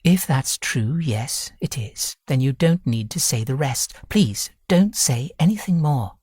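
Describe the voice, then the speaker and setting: A man's voice: medium pitch, lively intonation, unhurried, a little mellow, breathy edge, dry recording, studio quality. A man voicing an anxious, protective middle-aged mother with a wobbling, pleading voice.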